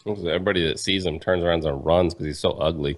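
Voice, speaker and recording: A man's voice: low-pitched, steady tone, fast talker, no echo. A man co-hosting a casual gaming podcast, making dry, teasing jokes. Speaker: podcast co-host. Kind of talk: casual live podcast chat.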